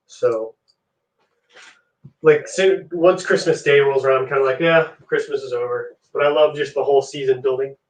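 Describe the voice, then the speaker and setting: Young man, casual live-stream chatter, relaxed, mid-pitched voice. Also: moderate pace, pauses often, slight background noise. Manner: relaxed, chatty, answers chat messages. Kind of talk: casual live-stream chat while building.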